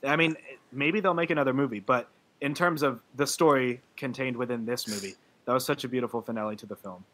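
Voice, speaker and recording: A man's voice: mid-range voice, fast, a bit bright. A man co-hosting a movie podcast, talking in an emotional, laughing way in casual chat. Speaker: podcast co-host.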